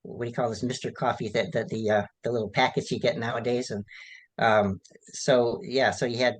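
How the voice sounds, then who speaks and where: A man, an author being interviewed, answering in a halting, rambling way with many restarts and fillers. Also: mid-range voice, fairly even intonation, rough recording. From United States.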